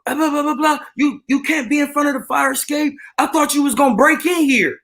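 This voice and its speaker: A man mimicking an angry woman who complains at him in a shrill, nagging voice. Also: fairly quick, fairly bright tone. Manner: high nagging mocking voice.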